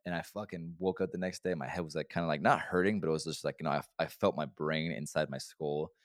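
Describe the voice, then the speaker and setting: A young man co-hosting a podcast, telling stories fast and swearing a lot in casual chat. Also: rumbling low, no echo, studio quality. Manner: fast-talking, swears a lot, animated storytelling. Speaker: podcast co-host.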